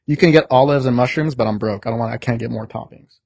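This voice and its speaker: A young American man telling stories in a casual podcast chat, animated and swearing freely. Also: mid-range voice, quick pace, creaky. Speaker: podcast guest.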